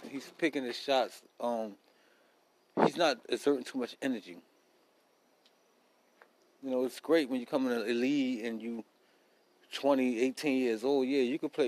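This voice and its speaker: A man's voice: medium pitch, rough recording. A man hosting a casual solo podcast, talking bluntly in a profane, rambling street style. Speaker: podcast host.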